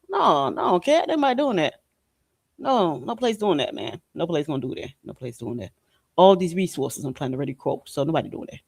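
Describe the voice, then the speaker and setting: A man's voice: high-pitched, darkish tone, no echo, clean studio sound. A man hosting a podcast, preaching in a casual, emphatic, repetitive way with slang and cursing. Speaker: podcast host. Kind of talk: casual spiritual monologue.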